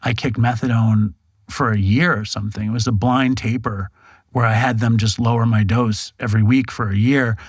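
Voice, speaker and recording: A man's voice: mid-range voice, steady tone, moderate pace, breathy edge, no room sound. A middle-aged man from New York, a podcast guest telling his story in a frank, self-deprecating way with casual swearing. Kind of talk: candid storytelling interview.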